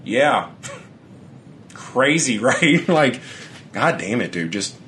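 A man in casual chat who rants with lots of swearing, laughs as he talks, and mocks other people in flat put-on voices. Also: medium pitch, drawn-out words, slight background noise. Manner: laughs often while talking.

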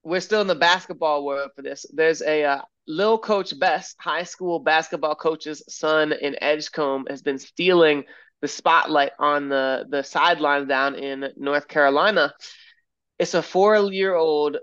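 Smooth-voiced man chatting on a podcast. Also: on the high side, measured pace, dry recording. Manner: relaxed, filler-heavy, enthusiastic. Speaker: podcast co-host. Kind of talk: casual chat. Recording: dry, slightly muffled lo-fi audio.

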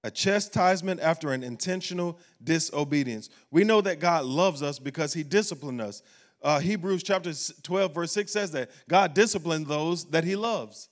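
Emphatic preaching man, slightly high voice. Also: moderate pace. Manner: emphatic preaching with repeated phrases. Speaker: pastor. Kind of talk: sermon.

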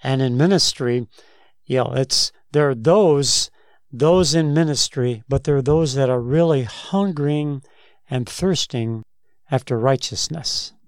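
A male co-host on a faith show talking in a steady, preacherly way. His voice is mid-pitched and comes across dry and close. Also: no room sound. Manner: measured, preaching tone.

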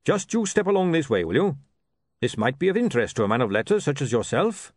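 A man's voice: medium pitch, very animated, fast, dry recording, studio quality, pitched above the performer's own voice. A man voicing a patient, matter-of-fact male dwarf who runs a print shop.

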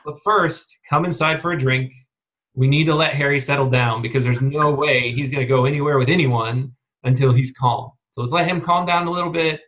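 Man reading smooth fawning schemer, slightly higher voice, coaxing, eager to please. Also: fairly even intonation, brisk, a bit bright, natural voice.

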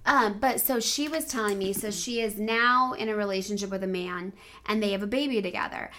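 A middle-aged woman co-hosting a casual chat, blunt and swearing freely, acting out quotes in loud bursts. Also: medium pitch, brisk, slight background noise. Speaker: podcast co-host.

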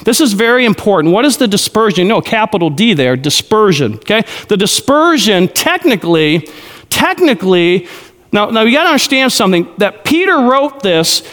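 A male pastor giving a lively verse-by-verse Bible teaching, with joking asides and frequent "okay?" check-ins to the crowd. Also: high-pitched. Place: large church hall. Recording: long hall reverb.

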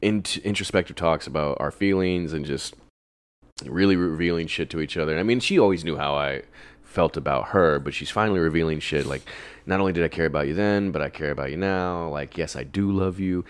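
A man's voice: deep voice, a little fast, clear, resonant tone, no room sound. A young man in casual chat, telling a long personal story in a rambling way, swearing freely and laughing often. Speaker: podcast guest telling a story.

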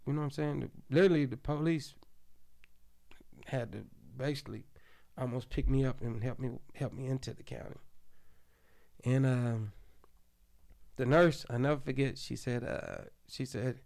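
Gravelly man telling a rough story. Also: mid-range voice, normal speed, pauses often, darkish tone. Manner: loose, profane storytelling, lots of "you know what I'm saying". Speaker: podcast guest. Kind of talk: storytelling in casual chat.

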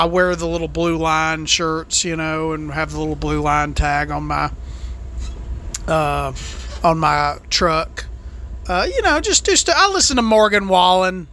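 A man with a high, bright voice that has a gravelly edge, doing a put-on Southern accent. He delivers an in-character comedy monologue as a podcast host, rambling and deadpan, stalling on "uh" and "you know.". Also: a little hiss or hum. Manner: rambling, deadpan, full of "uh" fillers.

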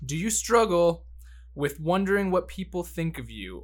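A man hosts a casual podcast and reads out the questions one by one. His delivery is low-key and easygoing. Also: big pitch swings, normal speed. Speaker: podcast host asking the questions.

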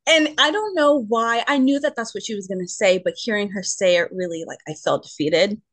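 A woman's voice: mid-range voice, a little fast, fairly bright tone, dry recording. A young adult woman, a guest on a podcast, candidly telling a personal story in a chatty way, with lots of "like". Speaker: guest, musician and advocate.

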